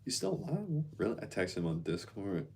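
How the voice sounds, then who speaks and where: A man's voice: on the low side, very animated, brisk, a little mellow. A man casually chatting on a live stream, reading out viewer comments and answering them in a laid-back, slangy way.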